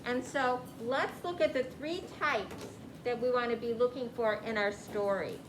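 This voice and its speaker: A woman's voice: a little high, measured pace, noisy background. A woman teacher leading a classroom reading lesson, guiding students with questions. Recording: echoey room with clear background ambience.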